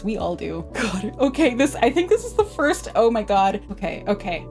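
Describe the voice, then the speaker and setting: A young adult woman streaming a casual educational talk, rambling with animated asides and frequent giggles. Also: medium pitch, a little fast, few pauses, faint music behind. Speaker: vtuber streamer.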